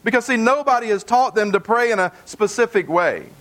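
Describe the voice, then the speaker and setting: A man's voice: high voice, expressive, a little fast, a bit bright, rough recording. A male pastor preaching a conversational sermon in a plain, folksy way, earnestly repeating key points for emphasis.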